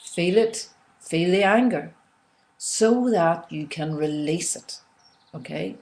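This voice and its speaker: A woman coaching listeners through an emotional tapping exercise, often checking in with "okay?" and leading them in slow breathing and softly repeated release phrases. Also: fairly low pitch, animated. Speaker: self-help coach. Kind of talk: guided instructional talk on emotional tapping.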